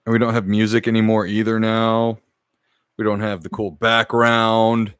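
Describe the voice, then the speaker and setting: A man's voice: fairly low pitch, little pitch movement, moderate pace, a bit bright, clean tone, dry recording, clean studio sound. A man hosting a casual streamed podcast, venting his frustration and swearing often as he talks to the live chat. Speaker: podcast host. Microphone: podcast microphone.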